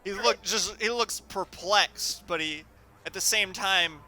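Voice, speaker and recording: A man running a tabletop game as game master, narrating loosely with many fillers and pauses. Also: sits high, bright, forceful tone.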